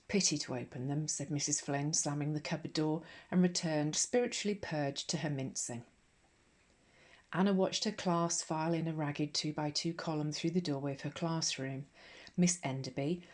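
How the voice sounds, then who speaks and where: An English woman with a notably low voice reads a novel aloud in a soothing audiobook style. Her storytelling is gentle and measured throughout. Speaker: audiobook narrator. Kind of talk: ASMR audiobook narration.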